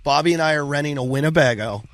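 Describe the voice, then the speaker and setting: A man's voice: fairly high pitch, fast talker, no room sound. A man hosting a podcast, chatting casually, joking and swearing in a laid-back way. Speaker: podcast host. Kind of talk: casual chat.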